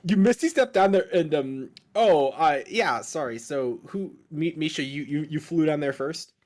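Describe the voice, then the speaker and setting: Game master, male, halting delivery, slightly high and very lively pitch. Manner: halting, full of fillers and restarts. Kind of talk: narrating an online tabletop game.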